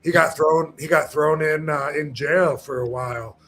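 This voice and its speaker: A man talking casually on a podcast, his voice sitting a little high. He rambles through fillers and restarts and acts out the people he quotes. A faint noise hangs under the recording. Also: normal speed, fairly bright tone.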